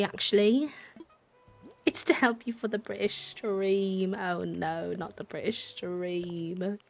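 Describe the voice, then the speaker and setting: A young woman streaming a life-sim game, chatting casually and bubbly, thanking viewers and sometimes dropping to a soft whisper. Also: medium pitch. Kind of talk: casual live-stream chat while gaming.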